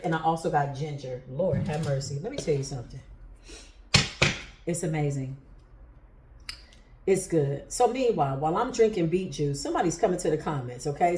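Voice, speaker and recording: A woman's voice: low voice, dark tone. A chatty woman working through a tarot spread for her viewers. She laughs freely and keeps up a running stream of sassy asides. Her voice rings a little in a roomy, echoey space. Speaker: tarot reader. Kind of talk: casual livestream tarot reading.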